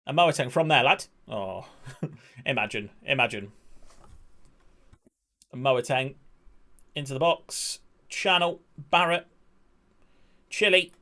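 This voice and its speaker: A man in his twenties, rambling and excitable while commentating a football management game he is streaming, swearing now and then. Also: mid-range voice. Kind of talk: casual gaming commentary.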